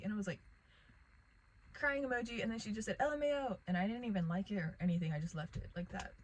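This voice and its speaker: A woman's voice: mid-range voice, expressive, quick pace, a little hiss or hum, rough recording. A young woman telling a rambling casual storytime vlog to the camera, packed with "like" and fillers. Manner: rambling, filler-heavy, lots of "like".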